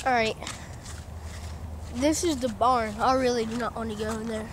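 A woman's voice: on the high side, fairly even intonation, moderate pace. A teenage girl rambling casually through a tour of her home, with distracted asides, recorded on a handheld phone. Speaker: vlogger. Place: house, walking through rooms and outdoors. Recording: noisy home video.

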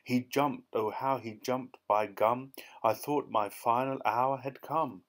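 Guy narrating a kids storybook in rhyme, lively bouncy rhythm, mid pitch. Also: slow. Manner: lively, rhythmic verse reading. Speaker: audiobook narrator. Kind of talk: scripted storybook narration in rhyming verse.

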